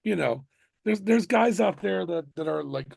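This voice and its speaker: Gravelly, husky man telling animated stories. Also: high-pitched, normal speed, no echo. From United States (Miami). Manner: animated storytelling with bursts of excitement. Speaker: musician guest. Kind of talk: casual interview chat.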